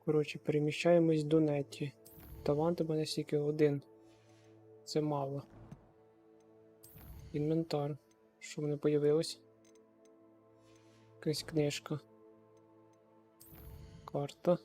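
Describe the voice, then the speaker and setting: A man from Ukraine giving casual let's-play commentary, muttering and joking at what happens on screen. His voice is mellow and fairly flat, a bit high for a man. Game music plays faintly behind. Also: a little slow, long pauses. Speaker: gaming streamer.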